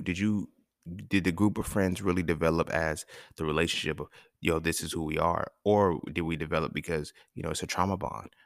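Young male podcast host, deep gravelly voice, dry close sound, loose profane storytelling. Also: no echo. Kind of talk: casual monologue.

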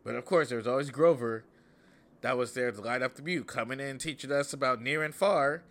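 A young adult man hosting a casual monologue, rambling and relaxed with many fillers. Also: medium pitch, a little fast. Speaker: host.

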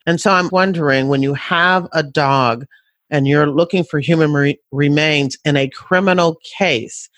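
Guy hosting a podcast, kinda high voice, dry close sound, chatty questions. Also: a bit bright, dry recording. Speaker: podcast host. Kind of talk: interview questions.

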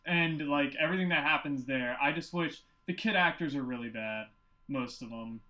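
Young guy, kinda high voice, swears a lot, rambly movie chat. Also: moderate pace, low-quality recording. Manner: animated, profane, rambling retelling. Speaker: podcast co-host. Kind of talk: casual movie-review chat.

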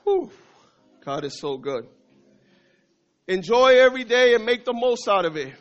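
A man's voice: very high-pitched, big pitch swings, unhurried, soft background music. A male pastor preaching a sermon, emphatic and repetitive, calling out to the congregation. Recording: dull lo-fi recording.

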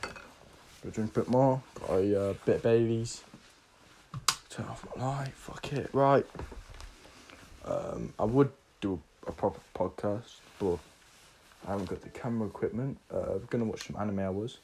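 A man's voice: fairly low pitch, animated, normal speed, creaky, long pauses, warm tone, a little hiss or hum. An eighteen-year-old man, drunk, telling a rambling story on his podcast, swearing often. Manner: swearing, rambling, filler-heavy. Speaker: podcast host.

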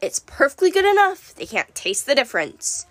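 A woman's voice: high voice, sing-song, normal speed, no echo, faint music behind, pitched above the performer's own voice. A woman voicing a complaining, servile old male ghost. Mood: grumbling. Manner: complaining, fawning.

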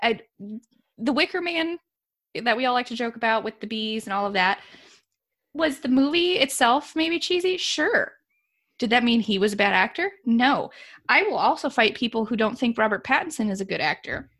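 A woman co-hosting a casual chat, opinionated and animated, often laughing as she talks. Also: a little high, normal speed. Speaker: podcast co-host.

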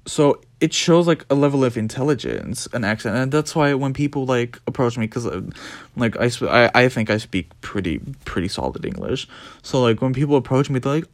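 Young man, Dutch accent, native Dutch speaker, casual rambling podcast monologue, lively swooping pitch, profane and animated, dry close sound. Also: fairly quick, dry recording. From Netherlands. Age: young adult. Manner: animated, profane, mimics others in squeaky voices. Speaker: podcast host.

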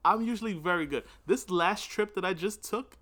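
A man's voice: high voice, normal speed, sharp tone. A man co-hosting a podcast in casual chat, reacting expressively with laughs and exclamations. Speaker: podcast co-host.

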